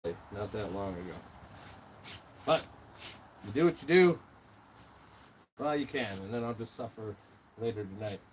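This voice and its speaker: Worn-out, swearing live-stream host. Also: male voice, on the low side, lively intonation, moderate pace, long pauses. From Minnesota. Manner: rambling and profane, lots of fillers and swearing. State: tired, worn out from the heat. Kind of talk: casual live-stream chat while painting. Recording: noisy background with passing vehicles.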